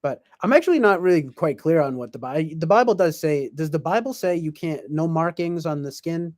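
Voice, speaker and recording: Rambling man with a fairly high voice. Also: lively intonation, brisk, a little mellow, no room sound, studio quality. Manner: rambling, hesitant, many fillers and restarts. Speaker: podcast host. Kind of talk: casual rambling commentary.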